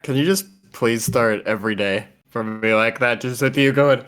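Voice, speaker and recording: A man's voice: medium pitch, normal speed, hardly any pauses, a bit bright. A man co-commentating a speedrun stream casually, laughing often and easygoing.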